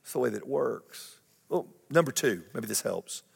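A male pastor preaching a lively sermon, repeating phrases and climbing higher in pitch for emphasis. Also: moderate pace, creaky, husky, long reverb tail. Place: church auditorium.

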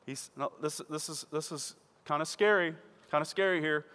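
A man's voice: moderate pace, few pauses. Preaching man in a reverberant church. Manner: swings from loud emphatic peaks to quiet low asides. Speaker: pastor. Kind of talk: sermon. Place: church sanctuary. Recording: church hall with long reverb.

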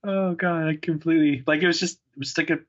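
A man's voice: a little high, steady tone, quick pace, lo-fi sound. A man co-hosting a podcast in casual chat, joking and laughing as he talks. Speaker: podcast co-host.

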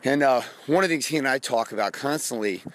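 A man hosting a motivational podcast, talking slowly and quietly to rest a strained voice, casual and profane, while walking down a street outdoors. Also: mid-range voice. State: strained voice, resting it. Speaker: podcast host and coach.

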